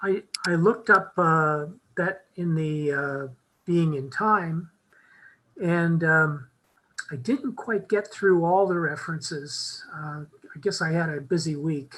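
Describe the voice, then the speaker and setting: A participant in a casual discussion group, speaking hesitantly with many fillers and pauses. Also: medium pitch, fairly bright tone, rough recording. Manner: hesitant, halting, full of fillers.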